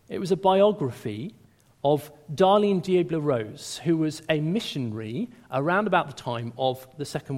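A man preaching a sermon to a gathering, speaking with animated emphasis and raising his voice on quoted lines. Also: on the high side. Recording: reverberant hall.

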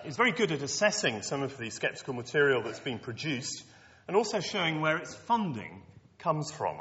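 A man preaching a lecture-style sermon to students, animated, with wry asides. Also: mid-range voice. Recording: dull lo-fi recording in a reverberant hall.

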